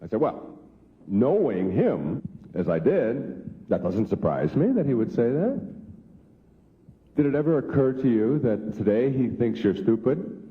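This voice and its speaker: A man's voice: mid-range voice, big pitch swings, measured pace, long pauses, breathy edge. Man lecturing, tinny sound in a hall. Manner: storytelling, acts out quoted voices. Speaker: self-help speaker. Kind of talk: humorous lecture to a live audience.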